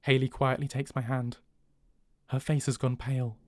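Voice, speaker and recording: An English man, the author, narrating his own audiobook in an expressive way with joking asides. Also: medium pitch, normal speed, dry recording. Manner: lively, expressive, jokes between takes. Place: home recording booth.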